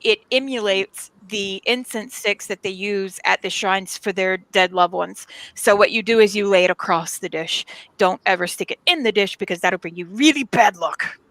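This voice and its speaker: Animated woman giving tips, dry sound. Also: medium pitch, normal speed, no echo. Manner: animated, tip-giving storyteller. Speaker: chat participant. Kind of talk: casual chat.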